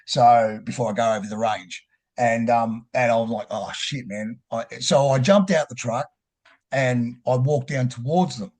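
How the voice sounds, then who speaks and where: A man with an Australian accent telling a personal story in a halting, rambling way, swearing freely. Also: medium pitch, steady tone, darkish tone. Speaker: podcast guest.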